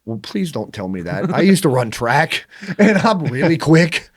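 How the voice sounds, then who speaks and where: Here a man co-hosting a podcast speaks at a fairly high pitch and a measured pace, telling lively stories and laughing a lot as he chats casually. The clean studio audio has no room sound.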